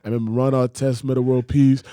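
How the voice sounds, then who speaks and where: A young man from Brooklyn, co-hosting a casual chat and cutting in with fast jokes and acted-out quotes. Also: medium pitch, little pitch movement, warm tone, dry recording, studio quality. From Brooklyn, New York. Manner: fast joking interjections, jumps in with quotes and punchlines. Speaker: podcast co-host. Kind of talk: casual banter.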